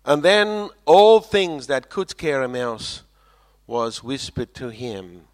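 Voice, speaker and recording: A man from South Africa preaching a sermon, swinging from loud emphatic lines to quiet low ones and repeating phrases for weight. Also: lively intonation, slow.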